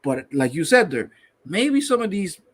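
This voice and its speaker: A man in his thirties co-hosts a loose gaming podcast, his voice sitting a little higher than most men's. He talks in an animated, incredulous way and swears casually. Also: normal speed, breathy edge. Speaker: podcast co-host. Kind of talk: casual chat.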